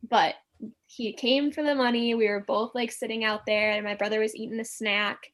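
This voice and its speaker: Young woman, a bit high voice, lively storytelling, lots of "like"s. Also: normal speed. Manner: animated, acts out quotes, many "like" fillers. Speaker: guest. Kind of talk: casual storytelling.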